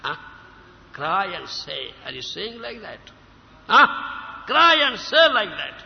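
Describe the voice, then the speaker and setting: A man preaches in an emphatic, questioning way, his voice high and gravelly. The recording is dull and lo-fi, carrying a long hall reverb with faint ambience behind. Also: very animated, takes it slowly. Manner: emphatic, rhetorical questions to listeners, breaks into chanting. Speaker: spiritual teacher. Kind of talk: devotional lecture with sung verses.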